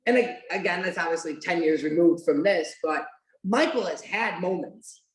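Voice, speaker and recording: A woman with a lowish voice and moderate pace hosts a podcast, chatting casually and animatedly through a watch-along. She uses lots of "like" and swears now and then, and there's a roomy echo.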